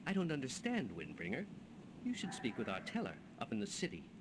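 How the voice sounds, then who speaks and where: An earnest young winged guardsman in an adventure game speaks formally, with a lot of movement in his pitch. Noise runs clearly underneath the game audio. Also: wildly swooping pitch, brisk. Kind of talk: video game voice acting.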